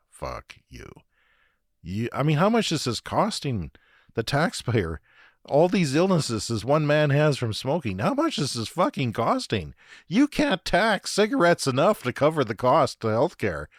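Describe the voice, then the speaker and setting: A man's voice: mid-range voice, wildly swooping pitch, moderate pace, no echo, studio quality. Ranting, profane Canadian man. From Saskatchewan, Canada. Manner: profane, ranting, self-deprecating. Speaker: podcast host. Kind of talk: comedic storytelling monologue.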